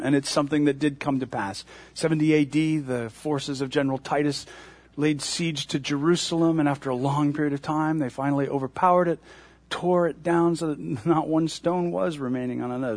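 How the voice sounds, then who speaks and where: A man preaching a sermon as pastor, animated and acting out crowd voices as he reads and explains scripture. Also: dry recording. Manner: animated, acts out crowd voices with big pitch jumps.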